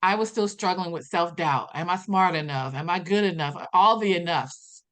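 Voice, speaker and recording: A woman guest on an interview podcast, telling her story in a lively way and acting out the dialogue she quotes. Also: normal speed. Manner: animated, acts out quoted dialogue with big pitch jumps. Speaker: podcast guest, personal development coach.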